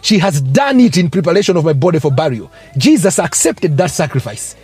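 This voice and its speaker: A man's voice: fairly high pitch, sing-song, a little fast, a little mellow, husky, soft background music. A man preaching a fervent sermon, breaking into tongues and rising exclamations.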